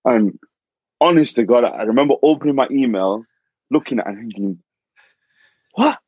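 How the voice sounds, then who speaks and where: A man telling a property investor's story in casual chat, repeating words when excited. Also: medium pitch, moderate pace, slightly rough, no room sound, phone-quality sound.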